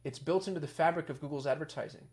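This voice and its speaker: A man's voice: on the high side, fast talker, a little mellow. A man hosting a casual marketing explainer, chatty, with many ums and restarts, getting fired up as he goes. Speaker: marketing agency host.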